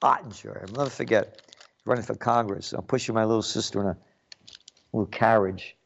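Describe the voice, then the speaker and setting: With a lowish, gravelly voice and fairly even intonation, this New York commentary host rants a little fast. His monologue is sarcastic and mocking, alternating loud digs with under-the-breath mutters.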